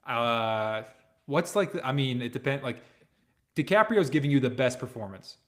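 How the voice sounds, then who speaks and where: A man of average pitch chats as a guest on a sports podcast. He gives blunt opinions and often lets his voice drop quietly as he finishes a point. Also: animated, moderate pace. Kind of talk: casual sports chat.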